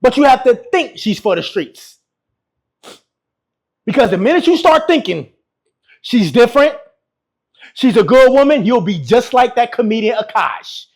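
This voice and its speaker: A man's voice: very high-pitched, lively intonation, moderate pace, long pauses. A man giving brash, mocking reaction commentary. He laughs often and keeps repeating his insults. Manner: laughs often while talking. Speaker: YouTube relationship commentator.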